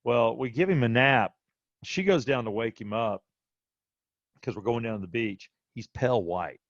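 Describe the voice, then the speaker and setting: A podcast co-host with a mid-range voice tells a personal story casually at a moderate pace, animatedly acting out what other people said. The audio is dull and dry, with no room sound.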